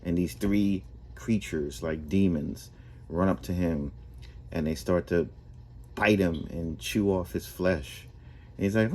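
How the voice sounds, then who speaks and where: A man telling a story in a relaxed, casual way, often restarting and repeating his words. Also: deep voice, unhurried.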